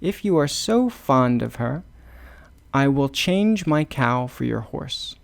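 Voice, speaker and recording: Obliging country shepherd, read by a man, gravelly, measured. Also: mid-range voice, expressive.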